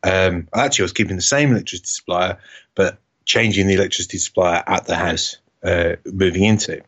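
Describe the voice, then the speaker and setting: A man's voice: deep voice, fairly even intonation, brisk, a bit bright, breathy edge. A man telling a rambling, self-mocking anecdote in casual chat as a podcast co-host. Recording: dull lo-fi sound.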